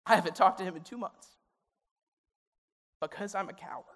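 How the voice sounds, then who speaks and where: A man's voice: high-pitched, a little fast, fairly bright tone. A young adult man, a youth pastor, preaching in a conversational, earnest way that grows emotional and pleading. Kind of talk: sermon. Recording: reverberant hall sound.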